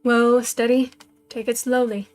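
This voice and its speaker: A woman voicing an earnest, protective young man in a read-aloud story, with a low-key, plain delivery. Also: flat delivery, unhurried, a little mellow, soft background music, lightly acted. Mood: worried.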